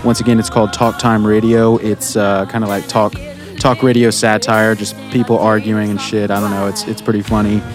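Rambling podcast co-host, low voice. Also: male voice, little pitch movement, a little fast, over music. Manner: rambling, many fillers and restarts. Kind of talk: casual podcast chat.

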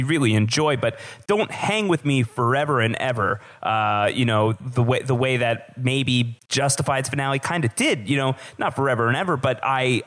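A man's voice: medium pitch, a bit bright. A man co-hosting a podcast, talking casually in a rambling way with many fillers and restarts. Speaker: podcast co-host.

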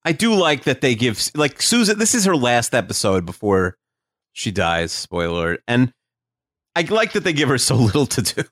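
A man's voice: mid-range voice, big pitch swings, normal speed, fairly bright tone, dry recording, clean studio sound. Hesitant man musing over a sitcom. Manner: hesitant, restarts and fillers, speculative. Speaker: podcast co-host. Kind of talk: casual chat analyzing a sitcom.

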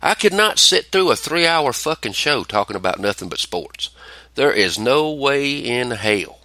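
A podcast host rants and tells animated stories in a casual chat, swearing plenty. His mid-range voice moves unhurriedly, and there's no room sound.

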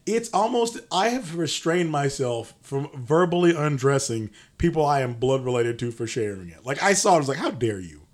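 Young male podcast co-host, a bit higher-pitched, full of lively mock disbelief, with profanity and laughs breaking into his lines. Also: normal speed, hardly any pauses. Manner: animated, mock-incredulous, swears, laughs mid-sentence. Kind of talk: comedic podcast banter.

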